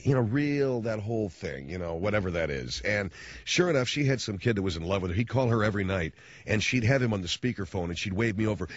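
Rambling, animated radio man with a lo-fi sound. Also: fairly low pitch, quick pace, no echo. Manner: rambling and animated, slangy, mimics voices. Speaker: radio host. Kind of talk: casual storytelling monologue. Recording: dull lo-fi, dry radio sound.

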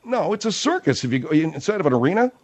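A man's voice: on the high side, very animated, racing, darkish tone, husky. A man hosting a comedic radio talk show, wry and playful, often mock-flustered.

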